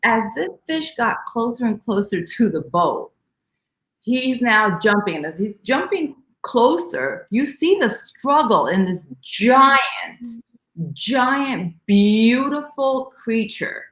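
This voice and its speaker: A middle-aged woman, an interview guest, telling an emotional personal story in an animated way, her voice leaping up when she acts out others. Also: on the high side, takes it slowly, reverberant, rough recording.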